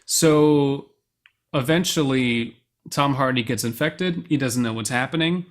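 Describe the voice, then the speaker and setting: Casting: us man, podcast co-host, animated film recap, middle pitch. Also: a little slow. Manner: animated storyteller, quotes lines in put-on voices. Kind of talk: casual chat, film recap.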